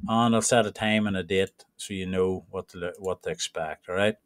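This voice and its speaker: Irish guy, lowish voice, rambling casual walkthrough, dry close sound. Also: steady tone, moderate pace, no echo. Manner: rambling and informal, with restarts. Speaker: trading mentor. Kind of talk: casual screen-share walkthrough.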